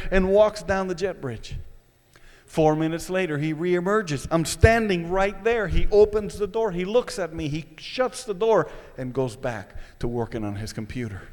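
A man telling a personal story to an audience, retelling it in an animated, dramatic way. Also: high voice. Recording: echoey hall.

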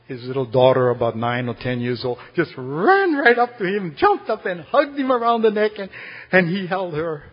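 A man preaching a sermon as pastor, swinging between loud bursts and a hushed, slow prayer voice. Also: sits high, sing-song, breathy edge, lo-fi sound.

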